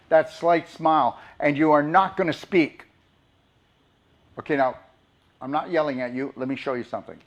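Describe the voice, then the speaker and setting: A man speaks with fervor, firing rhetorical questions at his listeners as he drives each point home. His voice sits a little high for a man. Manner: emphatic, rhetorical questions to the audience. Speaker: doctor giving a talk. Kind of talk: impassioned motivational talk.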